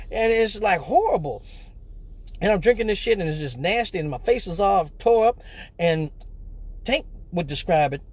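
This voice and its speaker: Man from Michigan, high-pitched, cussing his way through a casual live-stream story. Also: breathy edge. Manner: profane, animated, slangy storyteller. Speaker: live show host.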